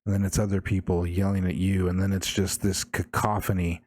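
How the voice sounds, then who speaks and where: A man narrating as game master of a horror tabletop game, slow and measured, with repeated refrains. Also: low-pitched, little pitch movement, darkish tone, no room sound.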